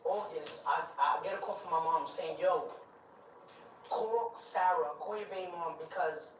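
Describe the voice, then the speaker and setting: A man telling a personal story in an animated way, acting out what others said and repeating himself as he goes. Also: on the high side, measured pace, over a noisy crowd. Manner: acts out quoted dialogue, repeats words, restarts. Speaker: storyteller recounting his past. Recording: roomy, distant mic with faint background noise.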